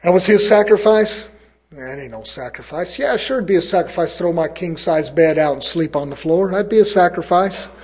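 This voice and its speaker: A preacher from California, a man preaching a fiery sermon in a folksy way, swinging from loud to low. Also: expressive, brisk, breathy edge.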